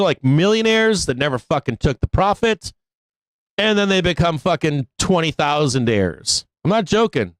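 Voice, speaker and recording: A man's voice: on the high side, no room sound, studio quality. A man hosting a live stock trading show, ranting in exasperation at his viewers with heavy swearing, laughing and pleading.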